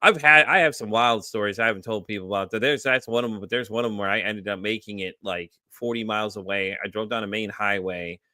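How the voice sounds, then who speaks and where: A man's voice: lowish voice, fast talker, hardly any pauses, no room sound. A man hosting a podcast in casual interview chat, telling stories animatedly and acting out the voices of people he quotes. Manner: animated storyteller who acts out quoted voices. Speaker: podcast host.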